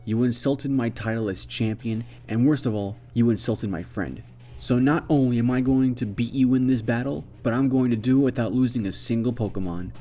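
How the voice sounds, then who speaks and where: A man's voice: medium pitch, a little fast, dark tone, lightly acted. A man voicing a determined, loyal young champion trainer who speaks earnestly and firmly. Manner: earnest, firm.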